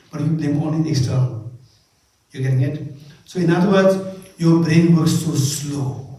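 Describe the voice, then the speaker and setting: A man's voice: a little high, dark tone. Playful male teacher in an echoing hall. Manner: playful, questioning the audience, laughs often. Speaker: Buddhist teacher leading a retreat. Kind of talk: dharma teaching with live exercises. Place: large echoing monastery hall. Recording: echoey hall from far off with faint noise.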